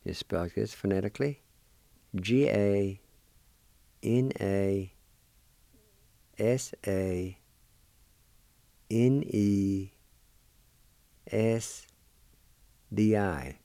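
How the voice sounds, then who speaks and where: A man teaches pronunciation at a deliberate, unhurried pace, spelling each word out letter by letter before he says it. His voice is smooth and mellow. He sounds close to the mic in a dry room. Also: lowish voice, no echo. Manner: slow, patient, spells words out letter by letter. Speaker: language teacher and radio host. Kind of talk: slow spelling and pronunciation lesson.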